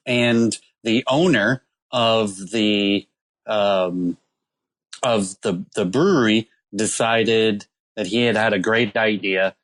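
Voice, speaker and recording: A man's voice: fairly low pitch, steady tone, slow pace, a bit bright. A man co-hosting a casual podcast, telling a rambling story about a beer with lots of ums and uhs. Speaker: podcast co-host presenting a beer. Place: calling in from abroad.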